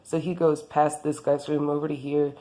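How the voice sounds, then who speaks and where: A woman's voice: sits low, little pitch movement, moderate pace, warm tone. A woman casually telling a rambling story about her neighbors, full of quoted back-and-forth.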